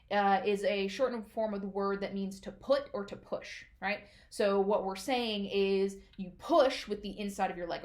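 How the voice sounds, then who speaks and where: A woman teaching as a martial arts instructor, explaining patiently and checking in often with "all right?". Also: medium pitch.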